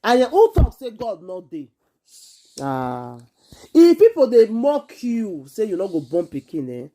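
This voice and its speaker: A woman with a Nigerian accent, hosting an excited monologue to camera in an emphatic, repetitive, exclaiming way. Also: medium pitch, a little slow. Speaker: vlogger host.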